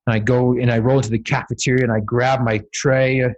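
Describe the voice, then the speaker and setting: A man's voice: medium pitch, little pitch movement, quick pace, highs cut off. A man speaking as a podcast guest, telling a personal story with dramatic, building emphasis.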